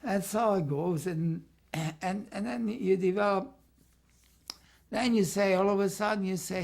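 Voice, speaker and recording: An older man with a gravelly, husky voice, looking back on his years as an art teacher. He talks in a loose, rambling way and keeps tossing in "see" as he explains. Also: high voice, a little slow, darkish tone. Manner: rambling, peppers talk with "see". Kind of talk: reminiscing interview talk.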